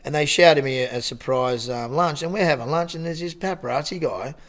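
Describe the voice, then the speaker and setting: A man's voice: a little high, fairly quick, over a noisy crowd. A man with an Australian accent telling stories in a casual chat, acting out the exchanges he quotes. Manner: animated anecdote-telling, acts out quoted exchanges. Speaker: guest. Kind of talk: casual storytelling.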